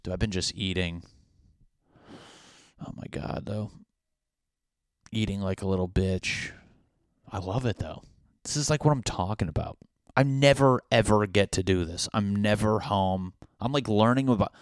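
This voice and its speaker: A man's voice: fairly low pitch, moderate pace, pauses often, dry recording, clean studio sound. A man in a casual comedic rant at home, crude and profane, rambling with lots of fillers. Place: home apartment.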